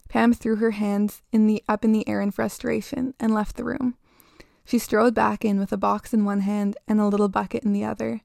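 A woman reading a horror story aloud in a steady, measured way. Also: medium pitch, creaky, dry recording, studio quality.

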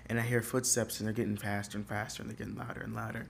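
A man's voice: lowish voice, flat delivery, rapid-fire, creaky, a little hiss or hum. A young man telling a story in a casual, rambling way, full of fillers. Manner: rambling, filler-heavy, loose.

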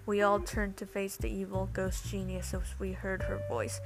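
A woman reading a storybook aloud in steady first-person narration. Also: medium pitch, normal speed, over music, rough recording. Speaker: audiobook reader.

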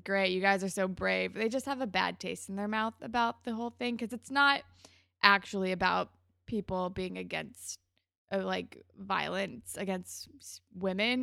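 A woman with a gravelly edge to her voice chats casually as a podcast co-host. She retells a TV episode scene by scene, acting out the characters' lines. The sound is dry and close. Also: mid-range voice, normal speed, sharp tone, no room sound. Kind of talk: casual recap chat.

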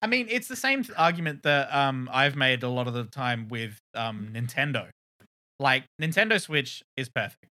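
A man's voice: mid-range voice, expressive, moderate pace, sharp tone. A young man with a South Australian accent, co-hosting a podcast in casual chat, rambling and laughing as he goes. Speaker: podcast co-host.

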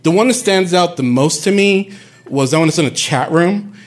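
A man from Puerto Rico telling a personal story in an animated, candid way, swearing casually. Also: high voice, moderate pace.

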